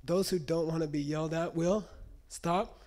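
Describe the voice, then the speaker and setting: A man's voice: fairly high pitch, steady tone, moderate pace, a little mellow. A man giving a live lecture to an audience, teaching in a conversational way and checking in often with "okay?". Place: lecture room.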